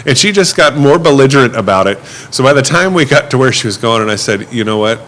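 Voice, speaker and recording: In an expressive, fast, medium-pitched voice with a fairly bright tone, a rideshare driver swaps casual stories on a podcast. He keeps it easygoing and does impressions of his passengers.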